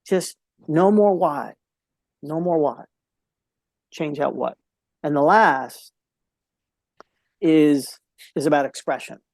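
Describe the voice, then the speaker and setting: A man's voice: on the high side, takes it slowly, vocal fry, pauses often, a little mellow, no echo. A man speaking as a podcast guest, telling a heartfelt story in an earnest way and repeating key phrases for emphasis.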